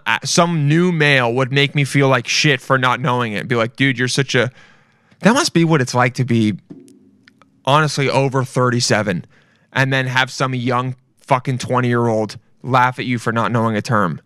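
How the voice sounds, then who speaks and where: A man's voice: mid-range voice, a bit bright, clean tone, no echo. Twenties male podcast host, loose profane rambler, self-deprecating, dry close mic. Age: 20s. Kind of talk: casual solo podcast rant.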